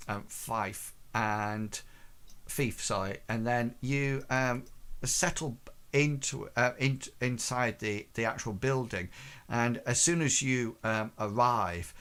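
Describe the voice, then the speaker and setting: A man's voice: medium pitch, a bit bright, smooth. Hesitant man running a tabletop game. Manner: halting, full of ums and self-corrections. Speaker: game master. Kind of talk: narrating a tabletop game on a live stream.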